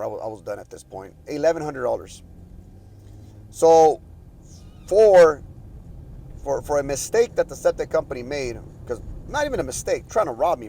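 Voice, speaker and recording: A man's voice: medium pitch, dark tone, slight background noise, poor audio. A man hosting a podcast, telling a long frustrated story in a casual, rambling way with many restarts. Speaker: podcast host.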